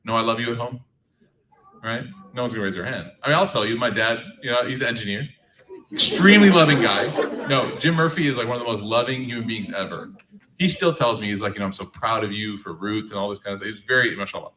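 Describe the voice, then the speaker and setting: A man's voice: medium pitch, quick pace, recorded from a distance, crowd noise, rough recording. A man giving a faith talk to a live audience, telling humorous stories with lots of fillers. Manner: animated, humorous storytelling, many fillers.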